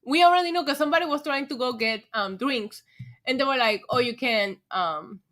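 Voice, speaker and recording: A young woman from New York with a New York accent, chatting excitedly on a live stream, swearing freely and laughing often. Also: high-pitched, fairly quick. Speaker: streamer reviewing wrestling. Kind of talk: casual live-stream chat.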